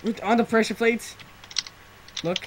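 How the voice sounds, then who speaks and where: A teenage boy chatting casually while gaming with a friend, excitable and quick to shout, his throat sore from screaming. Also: extremely high pitch, noisy background. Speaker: gameplay commentator. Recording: loud keyboard typing and clicks.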